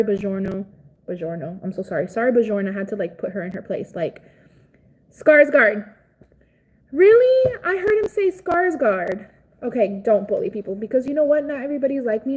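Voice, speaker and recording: A woman's voice: mid-range voice, dark tone, rough recording. Blunt, profane Cuban woman livestreamer. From Cuba. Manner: chatty, reads and answers viewer comments. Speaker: livestream host. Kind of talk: casual livestream chat.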